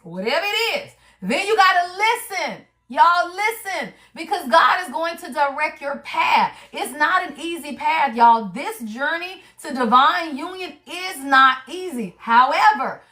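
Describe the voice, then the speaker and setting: Bright-voiced woman reading tarot live. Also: high-pitched. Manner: emphatic and chatty, talks straight to viewers, casual slang and swearing. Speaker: tarot reader. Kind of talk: spiritual card reading on a livestream.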